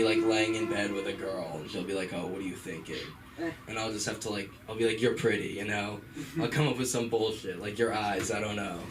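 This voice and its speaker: A young man doing a stand-up set, rambling and self-deprecating, with lots of filler words. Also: fairly low pitch. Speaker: stand-up comic. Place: small comedy club. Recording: open mic from far off, crowd.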